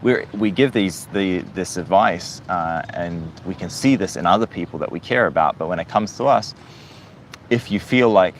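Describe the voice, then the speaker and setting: A low-voiced man with a light New Zealand accent talks casually to his livestream viewers. He speaks reflectively, with plenty of fillers and restarts, and faint noise hums behind him. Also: normal speed. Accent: New Zealand, softened. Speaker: livestream host.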